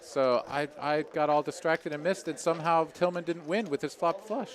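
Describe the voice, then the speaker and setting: A man's voice: on the high side, moderate pace. A man doing chatty live poker play-by-play, laughing often and trailing off into fillers, with card room crowd noise behind. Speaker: poker commentator. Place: commentary booth at a card room.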